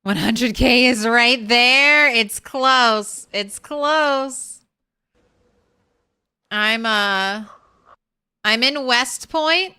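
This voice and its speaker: A woman live-streaming a game, her voice bright and very clear. She talks unhurriedly in a fairly high register. She greets viewers by name and chats through her progress. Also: extremely slow. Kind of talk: casual live-stream chat while gaming.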